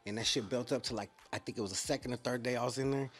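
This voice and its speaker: A man hosting a podcast, telling animated stories in street slang. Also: medium pitch, rapid-fire. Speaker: podcast host. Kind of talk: casual interview chat.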